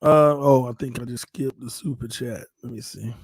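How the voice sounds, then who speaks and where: A man's voice: mid-range voice, fairly even intonation, normal speed, slightly rough, dry recording, clean studio sound. A man hosting a fan channel livestream in casual chat, a little tipsy, playful and rambling, laughing often.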